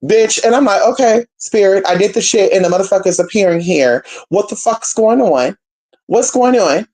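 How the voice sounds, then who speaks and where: Young woman, spiritual practitioner, casual profane storytelling, very expressive pitch. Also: normal speed. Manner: animated, profane, addresses viewers as y'all and girl.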